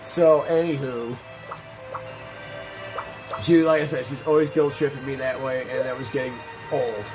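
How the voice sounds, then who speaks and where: With game music in the background, this let's play host plays along while rambling through a long personal story, profane and animated in casual commentary. He speaks in a mid-range voice at a measured pace with long pauses, and the recording is rough.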